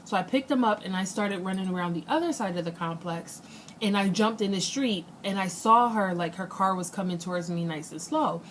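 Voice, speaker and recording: A young woman vlogger retelling something that happened to her in a casual, animated way, acting out what people said. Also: medium pitch, brisk, slight background noise. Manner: animated retelling, acts out quotes. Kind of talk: casual storytelling.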